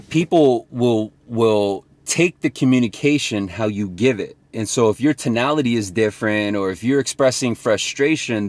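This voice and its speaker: A man's voice: on the low side, slight background noise. A young man giving casual sales advice from his car, rambling and swearing now and then. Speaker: sales coach vlogger. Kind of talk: casual motivational talk.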